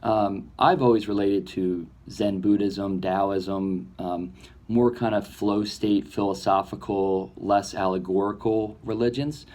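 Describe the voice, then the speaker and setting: A man, a comedy filmmaker, talking in a rambling, reflective monologue that grows animated as he acts out imagined voices. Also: lowish voice, slow pace.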